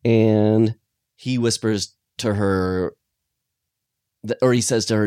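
A man co-hosting a podcast, chatting casually about a horror film in an excitable, rambling way with sudden jumps in pitch. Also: slow, clear, resonant tone, dry recording, studio quality. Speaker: podcast co-host. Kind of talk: casual film review chat.

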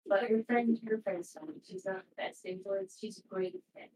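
A woman chatting casually before a live stream, retelling a show in a rambling, animated way with lots of fillers. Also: mid-range voice, normal speed. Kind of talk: casual chat. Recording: roomy, distant mic with background noise.

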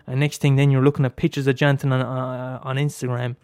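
A man's voice: mid-range voice, flat delivery, fast, a little mellow, clean tone, dry recording, studio quality. A man in a rambling casual monologue, swearing often and restarting his sentences.

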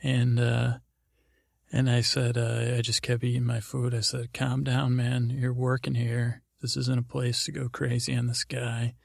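A man spins a wandering tale on his podcast, stopping and restarting as he goes. His voice is deeply gravelly and a little husky, with a flat delivery that barely rises or falls. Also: no room sound, clean studio sound. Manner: meandering, halting, with many restarts and fillers. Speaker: podcast host. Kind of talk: rambling storytelling monologue.

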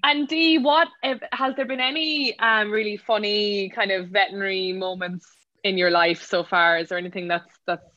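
A woman's voice: medium pitch, steady tone, normal speed, hardly any pauses, pushed and bright, muffled recording. A woman co-hosting a podcast, chatting casually with rambling, filler-heavy questions. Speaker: podcast co-host.

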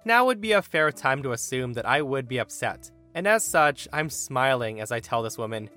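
A man narrating entitled-people stories as host, in an animated, expressive manner. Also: medium pitch, moderate pace, few pauses, soft background music. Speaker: story narrator and podcast host. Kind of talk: storytelling narration of reddit posts.

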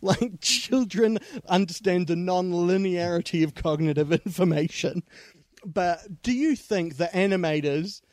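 A man's voice: sits high, unhurried, a little mellow, dry recording. A man co-hosting a casual, comedic movie review chat, laughing often and jumping between asides. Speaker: podcast co-host.

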